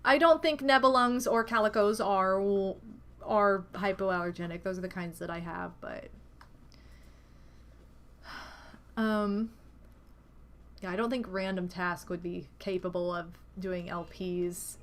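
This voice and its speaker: A woman's voice: medium pitch, steady tone, slow pace, long pauses, a little hiss or hum. A young adult woman streaming from her apartment, chatting casually and animatedly with her audience. She giggles often and drops into cooing baby talk. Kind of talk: casual livestream chat.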